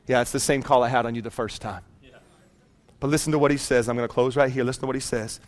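A man's voice: mid-range voice, fast talker. A man in his thirties preaching a sermon, telling a personal story and calling out to the congregation. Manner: animated storytelling, calls out to congregation. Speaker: pastor.

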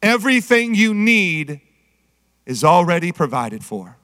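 A middle-aged man preaching a sermon, energetic and calling out to the congregation. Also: high voice, unhurried. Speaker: pastor. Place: church sanctuary. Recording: reverberant church hall.

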